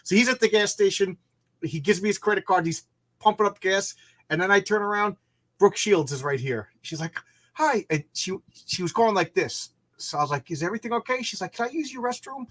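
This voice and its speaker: A man in a casual chat who tells a story with animated energy, acting out the people in it. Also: high voice, moderate pace.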